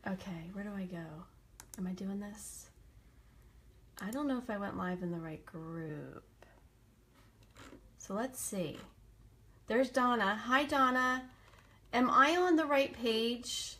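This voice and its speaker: A woman in her thirties hosting a homeschool live video, excitable and goofy, greeting viewers by name and joking about herself. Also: mid-range voice, unhurried, long pauses. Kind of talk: bubbly casual live-stream chat.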